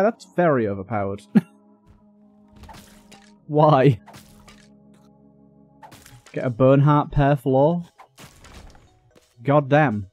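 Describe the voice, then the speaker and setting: A man from the UK giving casual, sweary commentary while playing a video game, complaining loudly and chatting to his viewers. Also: mid-range voice, takes it slowly, pauses often, soft background music. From United Kingdom. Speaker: gaming YouTuber. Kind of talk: casual let's-play commentary.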